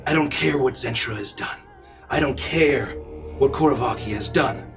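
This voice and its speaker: A man voicing a stern, calm female orc leader who speaks low, measured and firm in a tabletop game. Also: gravelly, soft background music, natural voice.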